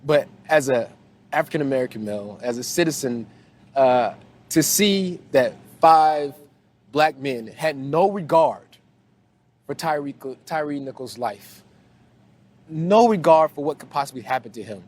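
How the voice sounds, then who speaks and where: A man speaking as a guest on a cable news show, earnest and halting. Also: a little high, lively intonation, darkish tone.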